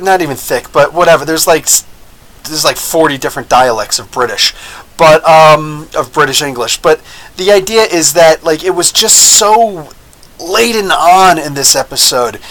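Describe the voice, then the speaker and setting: Animated, rambling American man. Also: a little high, low-quality recording. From United States. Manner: animated, rambling, with frequent laughs and mock voices. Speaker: host of a comic book review show. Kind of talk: live casual TV episode review.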